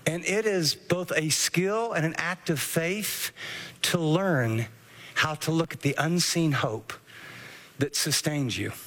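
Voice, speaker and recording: High, bright-voiced preacher in a reverberant hall. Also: male voice, slow. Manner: earnest teaching, walks listeners through scripture verse by verse. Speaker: pastor. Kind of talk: sermon.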